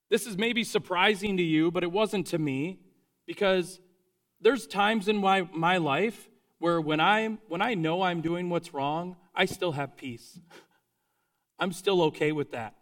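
Earnest preacher with a slightly high voice. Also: male voice, a little slow, fairly bright tone. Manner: earnest, conversational, with restarts. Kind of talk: sermon.

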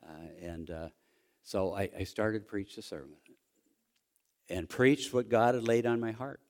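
A man preaching a sermon, telling a story quietly and then rising into loud, excited preaching. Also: fairly low pitch, unhurried, pauses often. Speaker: pastor.

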